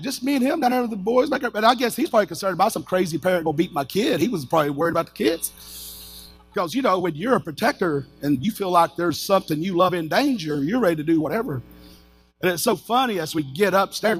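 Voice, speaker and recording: A middle-aged man preaching a sermon as pastor, telling personal stories in an animated way and acting out the lines he quotes. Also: sits high, breathy edge. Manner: animated storyteller, acts out shouted quotes.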